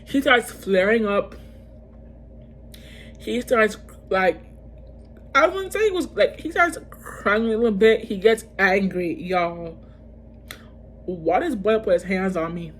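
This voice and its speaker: A woman speaks straight to her viewers in a casual storytime vlog, animated and slangy. She talks in quick bursts full of fillers and restarts, with a faint ambient hum behind her. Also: medium pitch. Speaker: vlogger telling a personal story.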